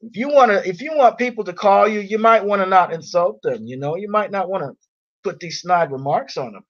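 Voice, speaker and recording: A man's voice: high-pitched, animated, fairly quick, fairly bright tone. A man on a live stream who talks bluntly and with irritation, reading viewer comments aloud. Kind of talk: casual live stream chat. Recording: dull lo-fi stream audio.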